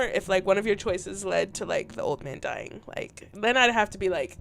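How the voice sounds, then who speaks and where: Brief: animated young woman streamer, slightly sick, lively pitch, faint hiss behind. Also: normal speed, pauses often. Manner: giggly, animated, reads choices aloud. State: a little sick. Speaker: game streamer. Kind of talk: casual gameplay commentary.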